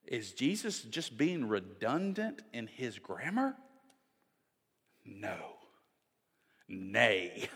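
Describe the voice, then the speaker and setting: A man's voice: mid-range voice, big pitch swings, slow, hardly any pauses, slightly rough. A man preaching a sermon with emphasis, often turning to the congregation with direct questions. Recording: long reverb of a large hall.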